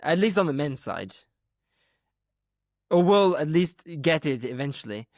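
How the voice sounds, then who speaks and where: A man co-hosting a casual podcast. He rambles and hesitates, filling gaps with filler words. His voice sits fairly high, and the recording is dry. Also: big pitch swings, a little slow, no echo. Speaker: podcast co-host.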